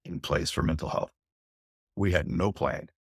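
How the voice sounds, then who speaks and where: A man's voice: rumbling low, normal speed, creaky, husky, no room sound, clean studio sound. A middle-aged man, a fire captain, recounting a harrowing experience intensely and candidly in an interview, often restarting his phrases. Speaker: fire captain, podcast guest.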